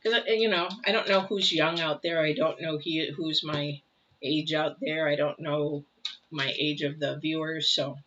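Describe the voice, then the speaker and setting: A woman's voice: low voice, steady tone, a little slow, background noise. An older woman giving a casual tarot reading, chatty and repetitive, often asking rhetorical questions. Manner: chatty, repeats phrases, asks rhetorical questions. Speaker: tarot reader. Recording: dull lo-fi recording.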